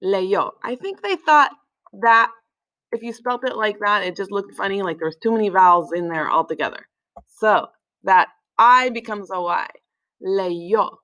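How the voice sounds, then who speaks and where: A woman teaching a recorded language lesson in a relaxed way, with many fillers, slowing down to spell words out. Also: mid-range voice, low-quality recording. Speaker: Spanish teacher.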